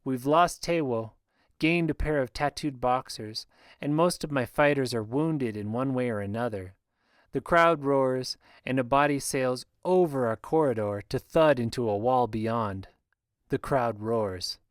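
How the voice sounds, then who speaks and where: A man narrating a first-person fantasy audiobook in a steady, measured reading, recorded close on a studio mic. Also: mid-range voice, smooth, no echo.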